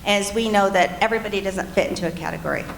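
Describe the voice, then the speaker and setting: A woman's voice: medium pitch, very fast, vocal fry. A middle-aged woman co-teaching a church marriage class, telling personal stories candidly and speaking straight to the group. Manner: candid, storytelling, addresses the class directly. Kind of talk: earnest personal teaching talk. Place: church meeting room. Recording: echoey room with faint noise.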